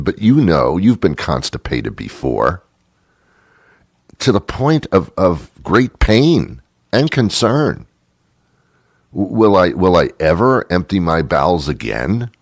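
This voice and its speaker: A middle-aged man hosts a talk show with a sardonic, joking delivery. His voice sits very low but swings widely in pitch. The sound is dry and close. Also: husky, dry recording. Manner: sardonic, acts out both sides of imagined dialogues. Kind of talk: comedic monologue and interview.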